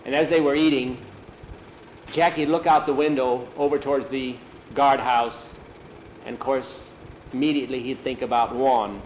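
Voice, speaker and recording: A man telling a story aloud in a plain, unhurried way and acting out the dialogue himself. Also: medium pitch, steady tone, a little mellow, echoey room, muffled recording, a little hiss or hum. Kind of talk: oral storytelling.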